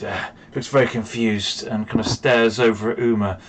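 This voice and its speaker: A man's voice: on the low side, fairly even intonation, measured pace, a little hiss or hum. A man narrating and running a tabletop role-playing game as dungeon master, playful and teasing, laughing often.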